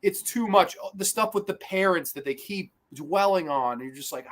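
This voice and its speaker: Excitable man hosting a film podcast. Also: high voice, normal speed. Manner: animated, swearing, acts out quotes. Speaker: podcast host. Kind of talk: casual film discussion.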